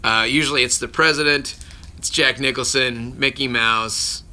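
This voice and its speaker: With his children close by at home, a voice actor hosts a relaxed phone livestream and fields viewer questions, wandering off track, stopping himself short, and chuckling in between. He keeps a steady, mid-range tone at a moderate pace, bright and forceful.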